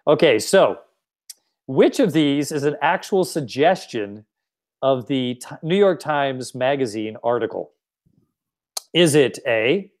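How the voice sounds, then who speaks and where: A man's voice: mid-range voice, lively intonation, slow. Guy running a lil quiz game, laughs a lot, voice bounces all over. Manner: laughs often, teasing. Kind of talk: playful quiz hosting.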